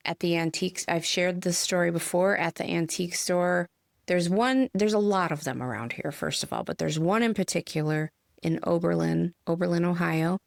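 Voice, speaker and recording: Midwestern woman, middle-aged, podcast co-host; chatty, laughs easily, low-ish voice with fry, dry recording. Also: dry recording. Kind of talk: casual spiritual chat.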